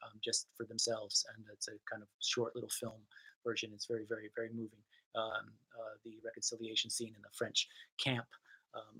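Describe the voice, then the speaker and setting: A man from Rhode Island who teaches theatre, answering viewer questions in a casual talk, thoughtful and halting, with many fillers and restarts. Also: medium pitch, sharp tone, slightly rough, low-quality recording. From Rhode Island, USA.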